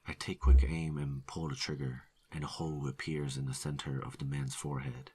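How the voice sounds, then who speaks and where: A man narrating a first-person horror story in a steady, low-key delivery. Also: fairly quick, slight background noise.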